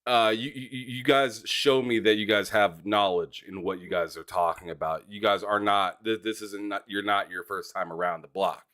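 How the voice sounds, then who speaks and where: A man's voice: lowish voice, steady tone, normal speed, few pauses, fairly bright tone. A man hosting a casual gaming interview, encouraging and given to repeating words as he talks. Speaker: host.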